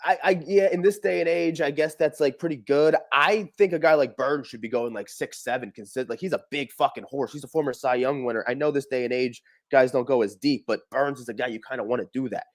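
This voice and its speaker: A man's voice: medium pitch, fairly quick, few pauses. A man co-hosting a casual morning baseball show, talking loosely and swearing as he makes his picks. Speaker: co-host. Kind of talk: casual sports talk.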